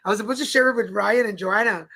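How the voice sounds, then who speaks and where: A man from Mexico co-hosts a talk show, telling stories in a playful, chatty way and laughing often. His voice sits high and is gravelly, bright and forceful, delivered fast. The rough live-stream recording carries faint background noise.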